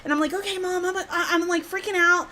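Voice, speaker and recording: A woman's voice: very high-pitched, quick pace, slight background noise, low-quality recording. A young woman, a podcast host animatedly telling a scary story in casual chat. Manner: animated, excitable, swears mildly.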